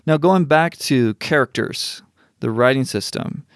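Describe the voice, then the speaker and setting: A man's voice: medium pitch, a little slow, no echo, clean studio sound. A man hosting an interview podcast, asking curious follow-up questions. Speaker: podcast host.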